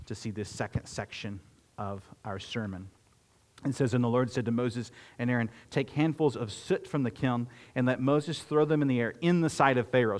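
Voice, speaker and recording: A man preaching an expository sermon, reading scripture with rising intensity and breaking into conversational asides. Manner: earnest, rises in pitch and volume when reading scripture aloud. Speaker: pastor.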